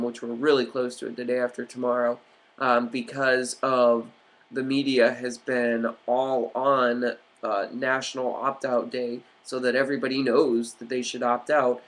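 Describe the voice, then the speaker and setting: A man's voice: mid-range voice, flat delivery, normal speed, fairly bright tone. A man ranting on a vlog in an agitated, profane, rambling way with many fillers. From United States. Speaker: vlogger.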